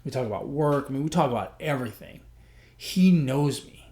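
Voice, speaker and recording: A man's voice: mid-range voice, expressive, a little fast, dark tone. A man hosting a podcast, telling a personal story in an earnest, emotional way, often repeating himself. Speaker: podcast host.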